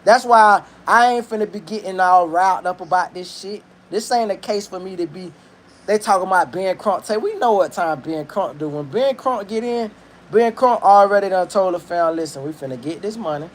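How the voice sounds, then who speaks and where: A man with a high-pitched voice talks his way through a story in loose, rambling commentary. His delivery is slangy and profane, and he cooks in his kitchen as he goes. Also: normal speed, a little hiss or hum. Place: kitchen, cooking while talking.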